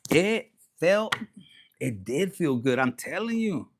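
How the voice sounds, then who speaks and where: Animated, gravelly-voiced man. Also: fairly high pitch, slow pace, background noise. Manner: animated, profane, switches into Spanish slang. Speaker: tarot reader. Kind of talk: casual livestream tarot reading.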